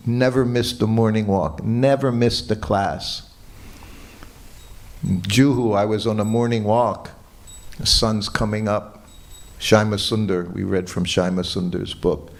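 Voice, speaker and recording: An older man with a lowish voice recounts memories during a temple morning class. He tells his stories unhurriedly and chuckles now and then as he reminisces. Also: fairly even intonation, measured pace, gravelly, a little mellow. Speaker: lecturer giving morning class. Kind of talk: anecdotal temple lecture. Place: temple hall.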